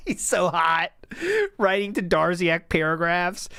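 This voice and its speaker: A woman's voice: lowish voice, steady tone, slow pace, fairly bright tone, clean tone, dry recording, studio quality. A woman streamer giving casual reaction commentary in a blunt, irreverent way, swearing freely. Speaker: streamer and content creator.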